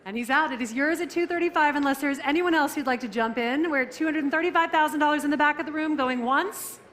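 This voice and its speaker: A woman working as an auctioneer, calling bids briskly and teasing the bidders in a live auction room. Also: high voice, fairly bright tone.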